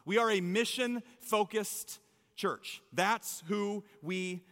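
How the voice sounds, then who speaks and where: A male pastor preaching a sermon on a church stage, energetic and playful, with emphatic calls to the congregation. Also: high-pitched, slow. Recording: long reverb of a large hall.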